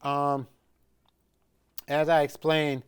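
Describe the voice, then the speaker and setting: A man's voice: on the high side, little pitch movement, drawn-out words, smooth. Emphatic man giving casual instruction. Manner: conversational and emphatic, with frequent restarts and fillers. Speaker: instructor of an educational video series. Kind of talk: informal instructional talk.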